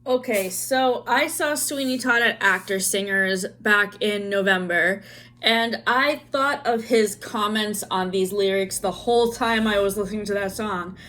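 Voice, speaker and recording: A woman's voice: medium pitch, measured pace, sharp tone. A woman co-hosting a casual chat, talking earnestly and hesitantly with many fillers.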